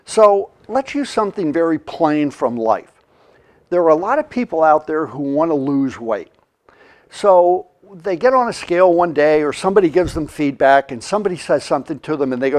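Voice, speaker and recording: A man giving a motivational training talk on leadership, animated and leading the listener in call-and-response. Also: fairly high pitch, moderate pace. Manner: animated, acts out quoted reactions, leads call-and-response.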